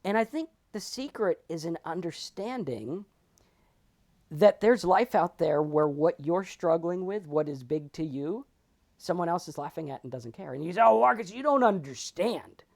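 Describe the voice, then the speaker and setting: A man co-hosting a casual talk on sobriety and spirituality. His delivery is animated and emphatic, and he slips into playful character voices as he tells his stories. He curses freely. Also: a little high, moderate pace, vocal fry. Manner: animated, acts out characters in anecdotes. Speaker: podcast co-host.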